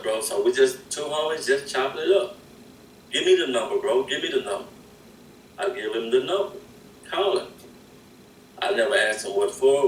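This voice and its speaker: A man casually telling a story in a laid-back, slangy, rambling way. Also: medium pitch. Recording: echoey and distant with faint noise.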